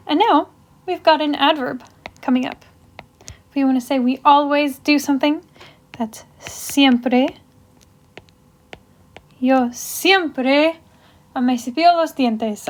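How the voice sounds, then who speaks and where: Young woman teacher w a high voice, walks thru grammar w lots of examples and ums. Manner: explains step by step with example sentences and frequent fillers. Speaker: language teacher. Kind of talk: casual classroom lecture.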